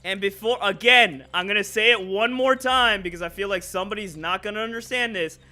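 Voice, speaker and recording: A man's voice: sits high, fairly quick, pushed and bright. A man streaming a video game, chatting casually and joking, laughing often and tossing in Spanish exclamations. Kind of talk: casual chat while gaming.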